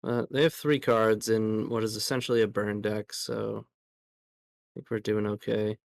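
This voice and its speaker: A man's voice: lowish voice, little pitch movement, measured pace, gravelly, dry recording, clean studio sound. A tired man discussing card game plays in a casual chat, thinking aloud in a hesitant way. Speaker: guest player in a card game.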